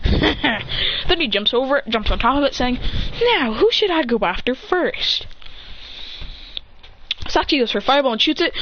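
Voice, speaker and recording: In an excitable, rambling rush, a woman improvises a fan story, often starting over and throwing in mouth sound effects. Her voice is fairly high. The recording sounds dull and lo-fi with a faint hiss.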